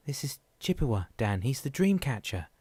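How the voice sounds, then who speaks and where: A man's voice: medium pitch, sing-song, moderate pace, a little mellow, slightly rough, no echo, voice pushed up. Anxious young wife, male reader doing her voice, pleading, dry close sound. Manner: crying out, pleading.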